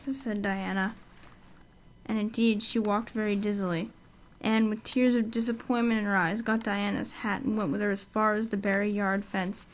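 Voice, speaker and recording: A woman reading a classic novel aloud as audiobook narration, in steady, measured storytelling. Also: medium pitch. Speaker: audiobook reader. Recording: dull lo-fi audio.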